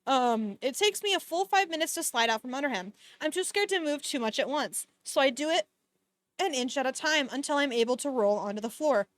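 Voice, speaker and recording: A woman with a fairly high voice reads a novel aloud on her stream, then stops to make sarcastic comments between passages and swears freely. The sound is dry and close, with no room echo. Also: lively intonation, fairly quick. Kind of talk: casual book reading with commentary. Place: home streaming setup.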